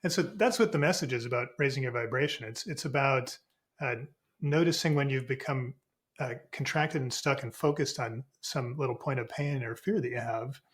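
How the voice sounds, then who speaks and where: A man who is a spiritual teacher appears as a podcast guest, explaining ideas in a relaxed, unhurried manner and often restarting his sentences. His voice sits at a medium pitch.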